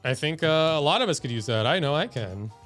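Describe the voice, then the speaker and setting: A man appearing as a guest on a live stream, showing off items in a deadpan, mock-serious way. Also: fairly high pitch, soft background music. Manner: deadpan, slow mock-serious show-and-tell. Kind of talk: casual live-stream chat.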